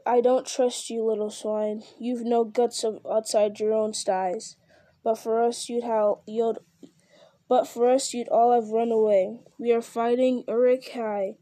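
A woman voicing a brutal male orc captain with a deep growl, barking blunt orders in a storybook reading. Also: level tone, unhurried, close to an everyday voice. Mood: boastful. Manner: loud, blunt, barked orders.

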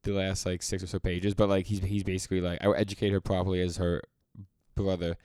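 A man co-hosting a casual podcast in a very deep, smooth voice, recorded dry and close. He speaks haltingly and fills nearly every phrase with "like". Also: level tone, darkish tone, dry recording. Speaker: podcast co-host. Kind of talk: casual chat.

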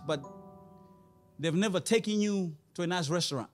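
A man's voice: high-pitched, lively intonation, a little fast, faint music behind. A man preaching a sermon in a conversational way, often putting rhetorical questions to his listeners.

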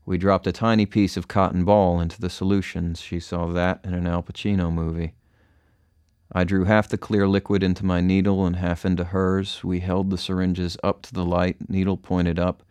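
A man narrates a first-person story in a very deep, level voice. His tone is smooth and clear, and the close recording is completely dry. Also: darkish tone, no echo. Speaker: audiobook narrator.

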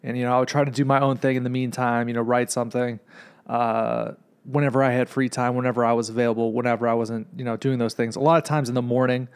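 A man's voice: medium pitch, little pitch movement, fast talker, clear, resonant tone. A young man hosting a podcast, telling a rambling story with lots of swearing and filler words. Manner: rambling, profane, fillers like "you know what I mean". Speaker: podcast host. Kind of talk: casual storytelling monologue.

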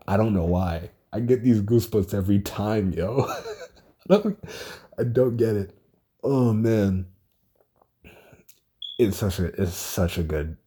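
A young man talking alone on a casual podcast, rambling and excitable, swearing a lot as he retells a story. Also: fairly low pitch, slightly rough. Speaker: podcast host. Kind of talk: casual solo podcast monologue.

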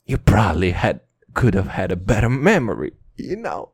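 A man's voice: on the low side, moderate pace, breathy edge, no room sound, clean studio sound. A man rambling through profane stories in a casual late-night monologue, laughing now and then. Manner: animated, laughing between lines. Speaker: vlogger.

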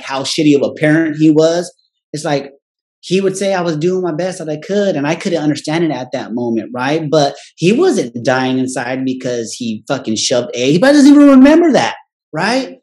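A man's voice: mid-range voice, a little mellow. A man telling a candid personal story in a casual, profane way, tagging nearly every phrase with "right?" and briefly acting out family members' voices. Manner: profane and blunt; acts out family members in quick quoted voices.

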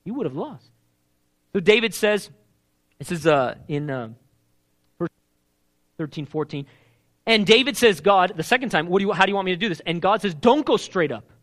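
Animated, bright-voiced male preacher. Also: high voice, normal speed, long pauses. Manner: animated, asks the crowd questions, acts out quoted lines. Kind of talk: sermon.

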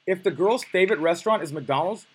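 A man's voice: high voice, fast, slightly rough, rough recording. A man coaching on dating, teaching in a blunt, profane, emphatic way. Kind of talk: coaching lesson.

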